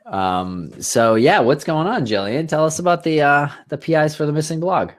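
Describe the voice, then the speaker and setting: A man's voice: fairly high pitch, moderate pace. A man co-hosting a podcast in casual, rambling chat full of fillers. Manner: relaxed, rambling with many fillers. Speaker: podcast co-host.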